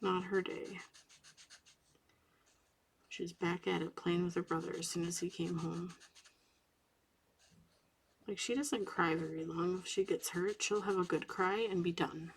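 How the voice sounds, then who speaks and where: A woman in her thirties, host of a coloring channel, chatting softly late at night while coloring, sometimes dropping into a whisper. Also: fairly low pitch, steady tone, moderate pace, a little hiss or hum. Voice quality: gravelly, husky voice. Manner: soft-spoken, drifting into whispers at times.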